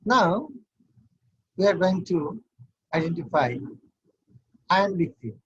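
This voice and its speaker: Slow, husky-voiced lecturer man. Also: high voice, lively intonation, dull audio. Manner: slow, counting and explaining step by step. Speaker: university lecturer. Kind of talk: online class lecture.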